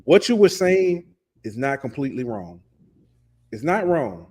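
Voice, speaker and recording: A man's voice: mid-range voice, big pitch swings, a little slow, a little mellow, husky. A man co-hosting a sports podcast, ranting passionately in casual talk and often repeating words. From lives in Alabama. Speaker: podcast co-host.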